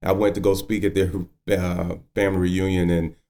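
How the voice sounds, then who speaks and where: A man in his fifties tells his story as a guest, his voice sitting low. He speaks earnestly, and feeling breaks through as he goes. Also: flat delivery, normal speed, warm tone. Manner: earnest, emotional. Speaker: guest, county judge. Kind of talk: personal storytelling.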